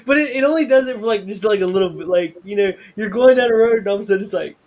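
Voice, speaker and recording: A man in casual podcast chat, laughing often and speeding up when he gets excited. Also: sits high, very fast.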